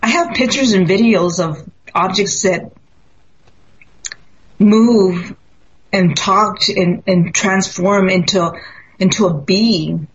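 An earnest woman talking in a relaxed, storytelling way and slipping into little voices for the people in her tale. Her voice sits in an ordinary middle pitch. The sound is dull and lo-fi. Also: takes it slowly, long pauses. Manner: earnest, storytelling, acts out quotes. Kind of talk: casual spiritual chat. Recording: dull lo-fi audio.

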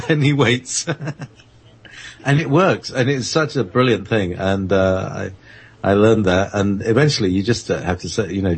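Guy hosting a web radio show, kinda low and breathy voice, rambles, lots of uhs and restarts. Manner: halting, many fillers and restarts, laughs often. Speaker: internet radio host. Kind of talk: rambling casual chat on air.

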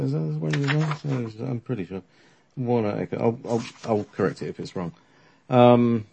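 A man's voice: mid-range voice, darkish tone. A man casually telling a story, rambling between thoughts with lots of fillers and restarts. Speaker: podcast storyteller.

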